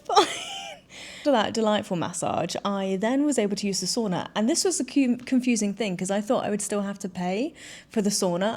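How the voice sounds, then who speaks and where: A woman's voice: mid-range voice, darkish tone. Woman in her 30s, vlogger, chatty, giggly, self-deprecating, casual storytelling.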